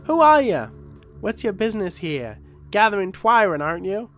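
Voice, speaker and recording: A defiant little boy with a sly streak and a whiny, pleading edge, as a man puts him on while reading game lines. The voice sits high and bounces around animatedly. He sounds evasive, always talking his way out of trouble. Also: very animated, moderate pace, a bit bright, faint music behind. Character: cocky young boy, defensive double agent.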